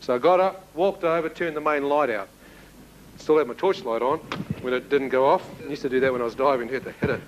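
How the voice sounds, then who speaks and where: A man giving a spoken testimony to an audience, telling his story in an animated way and acting out the dialogue. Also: mid-range voice, a little fast, a little hiss or hum, rough recording. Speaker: speaker giving a personal testimony.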